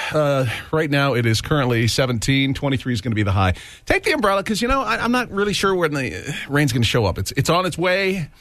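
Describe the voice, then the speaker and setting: A man's voice: fairly high pitch, a bit bright, no echo. A man hosting a morning radio show, joking and laughing as he reads the time and weather. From Scotland. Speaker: radio host.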